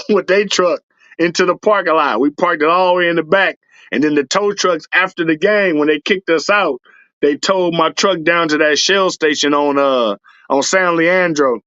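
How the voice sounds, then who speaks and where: A man spins a long, profane yarn in loose, casual talk. His voice sits a little high, and he bursts into shouts and laughter as he goes. The sound is dry and a bit dull. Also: no room sound. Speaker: podcast guest, superfan. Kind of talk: casual storytelling.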